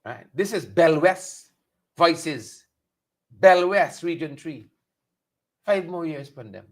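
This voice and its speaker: Animated Guyanese man, high lively voice. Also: takes it slowly. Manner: animated, repeats lines for emphasis, mocks with mimicry. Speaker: host. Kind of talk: satirical news commentary.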